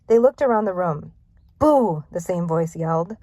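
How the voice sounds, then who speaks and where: A woman narrating a children's mystery storybook in a clear, even reading voice. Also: fairly low pitch, brisk, no echo. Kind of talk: storybook read-aloud.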